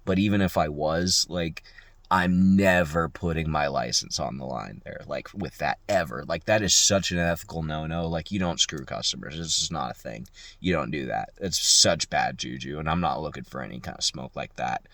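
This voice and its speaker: Man, very low voice, dry close sound, casual profane storytelling, mimics other people's voices. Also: moderate pace, gravelly, a bit bright, dry recording. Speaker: locksmith telling a work story.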